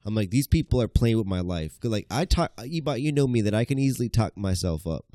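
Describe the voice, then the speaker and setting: A young man telling a profane, animated story in casual podcast chat. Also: lowish voice, quick pace, no echo, clean studio sound. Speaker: podcast co-host.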